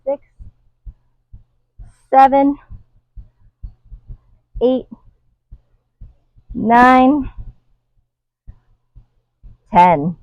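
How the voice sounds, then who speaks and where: Slow-talking woman coaching a workout. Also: mid-range voice, no room sound, rough recording. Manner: coaching and counting reps with light laughs. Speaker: fitness instructor. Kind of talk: guided workout instruction. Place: outdoors in the wind.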